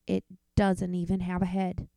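A woman's voice: fairly low pitch, completely flat delivery, normal speed, creaky, dark tone, clean tone, no echo. A woman playing a fed-up storybook mom. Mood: exasperated. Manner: firm and bossy. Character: exasperated no-nonsense mother.

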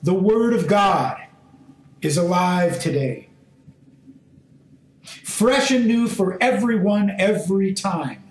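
A man teaching a sermon and reading scripture aloud, speaking in short, deliberate phrases and pressing his listeners with emphatic questions. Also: high voice, expressive. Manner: slow, deliberate phrasing in short measured fragments. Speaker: Bible teacher. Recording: roomy echo.

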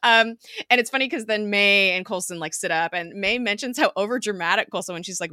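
A woman's voice: mid-range voice, a little fast, bright, forceful tone, no room sound, clean studio sound. A young woman hosting a podcast, casually recapping a TV episode with lots of fillers and laughter. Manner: chatty, many fillers, frequent laughter. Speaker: podcast host.

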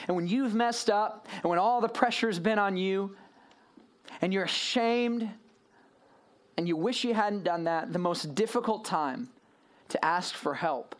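A man preaches a sermon to a gathered room. He tells the story with animated swings in pitch, sometimes dropping low and quiet, sometimes rising high and urgent.

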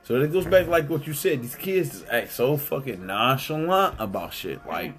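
A man's voice: medium pitch, big pitch swings, moderate pace, faint music behind. A man in casual chat, telling a family story in a heated, profane way.

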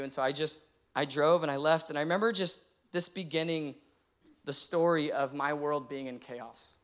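A man's voice: a little high, normal speed, fairly bright tone. A young adult man, a pastor, telling a personal story from the pulpit in an earnest, heartfelt way. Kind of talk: personal testimony sermon.

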